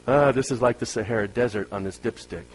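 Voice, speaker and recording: A man preaching a sermon, moving between loud emphatic peaks and quiet asides and acting out everyday stories. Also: medium pitch, moderate pace, slight background noise, low-quality recording. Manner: folksy storytelling with acted-out quotes and laughs. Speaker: pastor.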